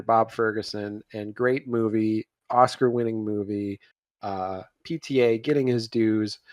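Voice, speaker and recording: A man's voice: medium pitch, dry recording, muffled recording. A man co-hosting a casual podcast, rambling through his thoughts with fillers and restarts. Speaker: podcast co-host.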